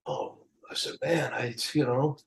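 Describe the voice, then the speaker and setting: An older man telling a story in a casual interview, animated, acting out the people he quotes and laughing often. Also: mid-range voice, measured pace, gravelly, rough recording. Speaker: album cover artist telling a story.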